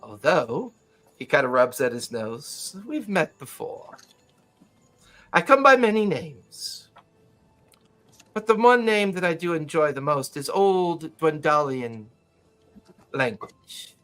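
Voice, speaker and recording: A man voicing a gentle elderly male mystic who speaks courteously and unhurriedly, with a faint teasing edge. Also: fairly high pitch, expressive, takes it slowly, pauses often, soft background music. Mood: gracious.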